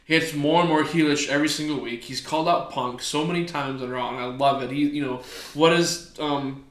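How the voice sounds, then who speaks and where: A man co-hosting a podcast, chatting about wrestling as an eager fan, halting with many fillers. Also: a little high, fairly even intonation, a bit bright, roomy sound. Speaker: podcast co-host. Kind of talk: casual wrestling chat.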